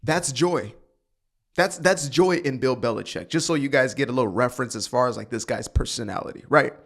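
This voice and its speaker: A man's voice: medium pitch, a little fast. A man hosting a casual reaction commentary, talking straight to his viewers with sighs and sudden bursts. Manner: animated, sighing, talks to viewers directly. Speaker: commentary channel host.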